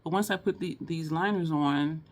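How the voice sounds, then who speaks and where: A woman's voice: sits low, normal speed, darkish tone. A woman filming a casual makeup tutorial at home, chatting to viewers with frequent laughs and teary eyes. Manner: chatty, laughs often, addresses viewers as y'all. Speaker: beauty vlogger.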